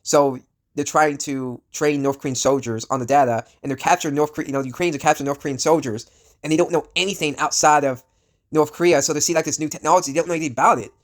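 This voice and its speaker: A sick, coughing man rants in a fairly high voice. His commentary rambles and restarts, packed with "you know" and "like". He is blunt and profane. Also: fairly even intonation, fast talker. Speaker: vlogger. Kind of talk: casual ranting commentary.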